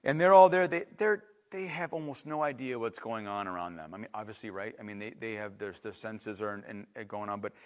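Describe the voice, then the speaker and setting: A man's voice: lowish voice, a little fast, hardly any pauses. A man preaching a sermon in an emphatic, conversational way, with frequent restarts and asides to the congregation. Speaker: pastor.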